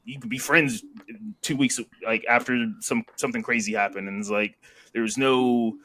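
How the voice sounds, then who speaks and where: A man chatting casually on a wrestling podcast, rambling as he retells what happened. He laughs often and slips into animated retellings of what others said. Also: medium pitch, normal speed. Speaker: podcast co-host. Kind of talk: casual wrestling recap chat.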